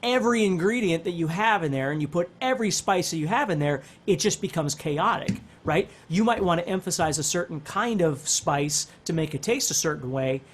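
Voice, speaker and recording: A middle-aged man teaching guitar in a relaxed, conversational way, thinking aloud and circling back as he explains. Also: on the high side, brisk, hardly any pauses, slight background noise. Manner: animated, talks with his hands, thinks aloud with restarts. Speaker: guitar instructor.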